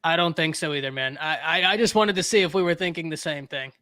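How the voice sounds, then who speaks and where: A high-pitched man hosts a laid-back sports talk show. He jokes, stays lively, and repeats his points for emphasis. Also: quick pace, smooth. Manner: animated, joking, repeats phrases for emphasis.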